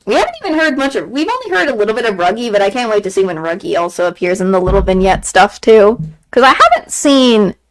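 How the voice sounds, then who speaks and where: A woman streaming a game and chatting casually, gushing excitedly, repeating herself and laughing often. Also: medium pitch, fast talker, low-quality recording. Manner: excited gushing fan talk, frequent laughs and repeated phrases. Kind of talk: casual chat on a live stream.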